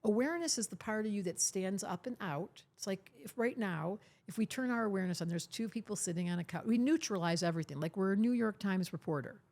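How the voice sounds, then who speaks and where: Here an older female astrologer, a podcast guest, has a mid-range, somewhat dark voice and talks quickly and expressively with hardly any pauses. Her manner is emphatic and teasing, and she frequently performs the voices she quotes.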